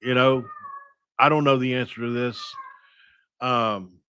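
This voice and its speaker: A man hosting a sports podcast, talking casually and thinking out loud with frequent restarts. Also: mid-range voice, fairly even intonation, measured pace, clean tone, no room sound, clean studio sound. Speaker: podcast host.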